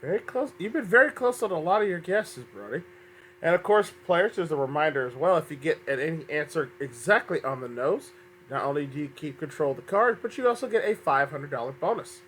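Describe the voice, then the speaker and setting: A man's voice: a little high, lively intonation, brisk, fairly bright tone, a little hiss or hum. A man hosting a fan-made game show, upbeat but often stumbling and correcting himself, a little under the weather.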